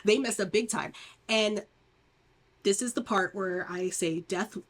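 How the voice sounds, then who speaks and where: A woman's voice: mid-range voice, measured pace. A woman reviewing horror movies, recapping a plot in a rambling, chatty way full of fillers and restarts, laughing often and acting out the characters' lines.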